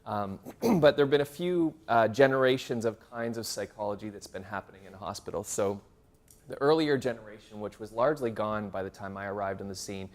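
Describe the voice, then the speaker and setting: A man's voice: on the low side, brisk. Man in his forties from canada, workshop presenter, rambling, self-deprecating, casual lecture. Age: 40s. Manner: rambling, self-deprecating, many fillers and restarts. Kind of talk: casual lecture to graduate students. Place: university seminar room.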